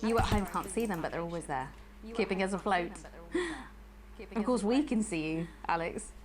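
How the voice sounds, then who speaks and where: A woman's voice: mid-range voice, lively intonation, moderate pace, natural voice. A polished, posh female news anchor, played by a woman, signing off a broadcast in a game. She turns creepily intimate and pleading. A crowd murmurs behind her. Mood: confessing. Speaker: news presenter. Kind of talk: live broadcast sign-off, in character.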